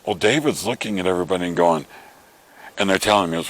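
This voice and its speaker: Brief: male preacher, lowish voice, animated storyteller who acts out quotes. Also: quick pace. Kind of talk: storytelling sermon.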